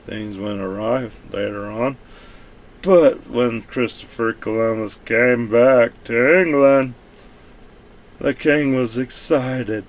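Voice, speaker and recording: American guy rambling on his vlog, gravelly and slow, swears a lot and doesn't care. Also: mid-range voice. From United States. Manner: blunt, profane, offhand. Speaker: vlogger. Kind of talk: casual rambling monologue.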